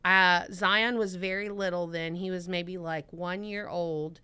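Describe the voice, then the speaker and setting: Bright, chatty woman from Mississippi. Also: on the low side, fairly even intonation, measured pace, clear, resonant tone. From Mississippi, USA. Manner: chatty storyteller who acts out her own quotes. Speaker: podcast guest. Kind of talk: casual podcast chat.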